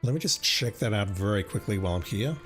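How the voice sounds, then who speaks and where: Low-voiced, slightly hoarse male streamer. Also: quick pace, soft background music. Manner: relaxed, musing to himself as he plays. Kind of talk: casual game commentary.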